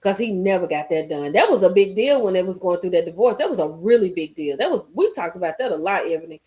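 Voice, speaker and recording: Her voice is fairly low and her pace quick as she hosts a live stream. Reading the chat, she talks straight to viewers in an animated, casual, emphatic way, repeating lines for effect.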